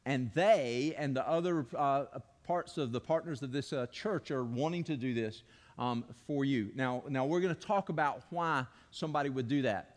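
Speaking at normal speed in a mid-range voice, a man delivers a sermon as pastor, leading his congregation in call-and-response and telling stories with earnest conviction. The church sanctuary gives the recording a long hall reverb.

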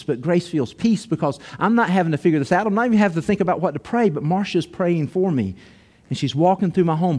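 Pastor, male; chatty, animated sermon delivery, voice sits a bit high. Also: in a large hall. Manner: conversational, animated preaching with acted-out quotes.

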